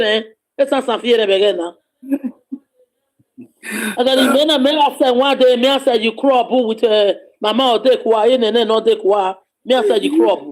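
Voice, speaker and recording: Very high-voiced teasing Nigerian man. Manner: teasing, laughing often, loud bursts. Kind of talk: joking casual banter.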